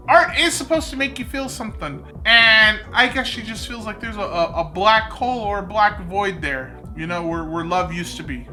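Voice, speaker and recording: A woman's voice: medium pitch, moderate pace, sharp tone, faint music behind. A woman hosting a reaction video in casual, joking commentary, sarcastic and lecturing by turns.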